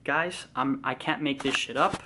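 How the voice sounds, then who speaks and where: A young man tells a story to camera in a casual vlog. His talk is excited and loose, packed with fillers and the odd curse word, and his voice sits at a middle pitch. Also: moderate pace, noisy background. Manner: excited, chatty, filler-heavy, swears freely. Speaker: vlogger and actor.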